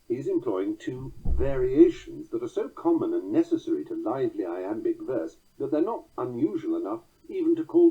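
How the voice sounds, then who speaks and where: Husky man reading, tinny sound. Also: mid-range voice. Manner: measured, chants verse rhythms, recites quotations slowly. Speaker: reader of a book on poetry. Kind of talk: reading a nonfiction book aloud.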